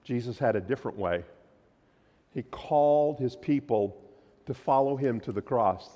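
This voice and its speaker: A man preaching a sermon as pastor, emphatic, his voice swinging from loud declarations to quiet, low lines. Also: moderate pace, dull audio. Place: church sanctuary. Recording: long hall reverb.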